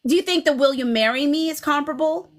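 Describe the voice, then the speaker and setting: A woman hosting a casual fan livestream, talking in an animated way with frequent laughs and restarts. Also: sits high, fast talker. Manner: animated, laughs often, many restarts and okays. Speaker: livestream host.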